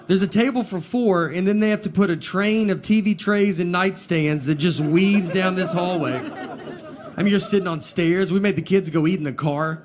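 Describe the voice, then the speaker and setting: A man performs stand-up with a slightly high voice and a slow, deadpan, hesitant delivery. He is recorded live in a comedy venue. Audience laughter and background noise sit behind him. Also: some chatter behind.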